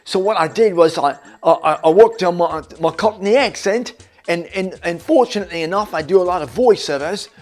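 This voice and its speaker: A man's voice: high voice, moderate pace. A man, an actor, giving casual career tips in a chatty, anecdotal way and speaking directly to the viewer. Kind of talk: conversational tips video.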